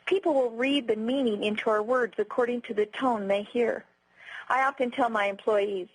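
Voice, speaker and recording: A woman giving a scripted customer service training lecture in a clear, instructive, evenly paced way. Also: fairly high pitch, fairly even intonation, normal speed, no room sound, poor audio.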